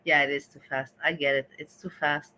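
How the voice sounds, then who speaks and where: A woman giving measured, reflective commentary on a stream, slightly disapproving. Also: low-pitched, flat delivery, pushed and bright, low-quality recording. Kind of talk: casual commentary.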